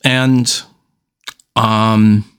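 A man hosting a solo podcast, talking unscripted, halting and restarting, with long deliberate pauses between statements. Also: lowish voice, level tone, a bit bright, clean tone. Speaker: podcast host.

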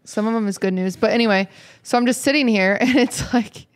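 A woman's voice: a little high, brisk. Teasing, giggly woman podcast host. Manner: teasing, laughs often, rambling restarts. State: a little out of it. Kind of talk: casual chat. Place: studio, seated beside the co-host.

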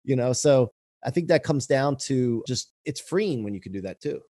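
A man's voice: mid-range voice, expressive, normal speed, dark tone, no room sound, studio quality. A man hosting a podcast, chatting casually and upbeat with a guest. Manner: upbeat, talks with his hands. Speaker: podcast host. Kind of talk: casual interview chat.

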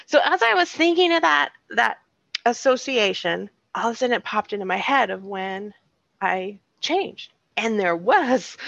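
A middle-aged woman talks through her own stories on a solo podcast, candid and self-deprecating. Her voice has a gravelly edge at a medium pitch. The recording is dull and lo-fi, with a dry, close sound. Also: fairly bright tone, dry recording. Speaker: podcast host.

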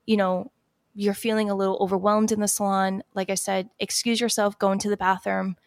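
A hairstylist woman chatting casually on a podcast, leading breathing exercises with calm slow counting and lots of "like". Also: medium pitch, gravelly, no echo.

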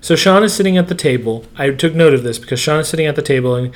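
A man co-hosting a casual TV recap podcast, animated and quick to laugh, slipping into character voices. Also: a little high. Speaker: podcast co-host.

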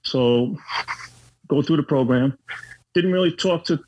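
A man's voice: fairly high pitch, unhurried, lo-fi sound, noisy background. A middle-aged man telling his own story candidly, blunt and profane, with lots of fillers. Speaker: guest.

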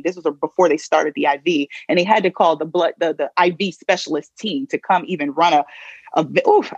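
A woman guest on a podcast, telling a personal story with vivid, animated retelling, recorded a little dull and lo-fi. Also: sits low, breathy edge, dry recording.

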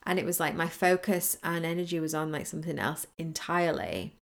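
A woman's voice: low voice, a little fast, vocal fry. A woman manifesting coach talking casually in a solo podcast, telling a rambling story with lots of fillers and restarts.

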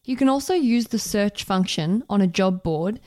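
A woman with a mid-range voice co-hosts a casual podcast. She steers the chat with quick reactions and asides. Her voice sits dry and close on the mic. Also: medium pitch, lively intonation, a little mellow, dry recording. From Australia. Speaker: podcast co-host, radio journalist.

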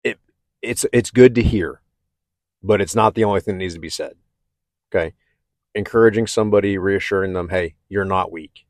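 A man talking candidly and haltingly about his own struggles, with many restarts. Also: fairly low pitch, a little mellow, dry recording, studio quality. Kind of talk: personal reflective talk.

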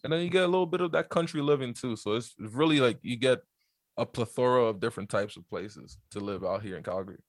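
A man's voice: mid-range voice, quick pace, no echo, studio quality. A man, a pastor chatting easily as a podcast guest and laughing often. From New York, USA. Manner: relaxed, easygoing, laughs often. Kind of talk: casual interview chat.

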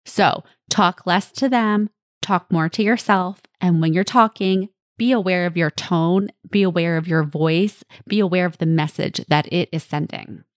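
A woman's voice: fairly low pitch, unhurried, no room sound, studio quality. A woman hosting a parenting podcast, giving direct and earnest coaching advice to other parents. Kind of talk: advice monologue.

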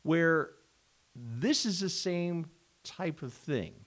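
A man co-hosting a podcast in casual chat, animated, exclaiming often and bursting into laughter. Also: fairly high pitch, extremely slow. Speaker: podcast co-host.

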